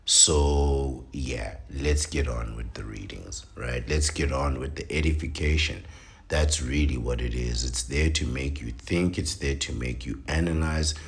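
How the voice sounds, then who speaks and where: Very deep gravelly male host. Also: measured pace. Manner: preachy, rants with rising emphasis. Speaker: host reading articles. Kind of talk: opinionated reading commentary.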